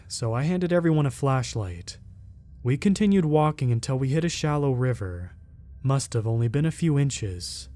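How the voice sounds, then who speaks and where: A man telling a first-person scary story at a middle pitch. He keeps his delivery steady and measured and reads the other characters' lines in much the same voice. The effect is a plain, even storytelling read. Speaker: narrator. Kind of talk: scripted horror story narration.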